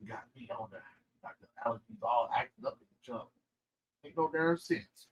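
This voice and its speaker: A man's voice: medium pitch, normal speed, breathy edge, dull audio. A man live-streaming a comic book reading, making sarcastic, dismissive, rambling asides while his allergies give him a runny nose.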